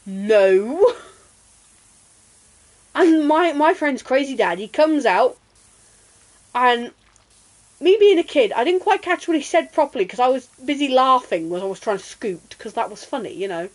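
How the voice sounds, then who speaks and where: Woman gaming on stream, chatty and animated, laughs as she talks. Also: sits high, measured pace, pauses often, poor audio. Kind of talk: casual storytelling while gaming.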